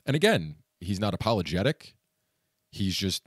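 Low-voiced male vlogger, frustrated and rambling, close dry sound. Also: big pitch swings, moderate pace, husky, no room sound. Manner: frustrated, venting, lots of "you know" fillers. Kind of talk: personal vlog storytelling.

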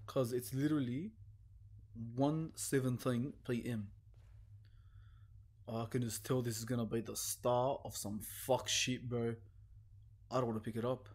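A man's voice: medium pitch, fairly even intonation, unhurried, pauses often, a little mellow. A young man commenting nervously on a horror game he plays alone at home, swearing and hesitating. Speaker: gaming video host.

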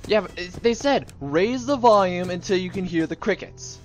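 A young man talking through a horror game in a loose, joking let's-play style, his fairly high voice swinging widely in pitch as he jumps and yells at the screen. Faint game music plays behind him. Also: animated, moderate pace. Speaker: gaming video host. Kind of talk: casual let's-play commentary.

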